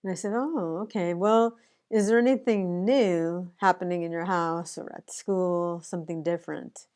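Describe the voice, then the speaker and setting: A woman's voice: fairly low pitch, steady tone, normal speed, darkish tone, clean tone. A woman who works as an autism educator, talking earnestly and conversationally to the camera about honesty with feelings. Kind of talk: casual personal talk to camera.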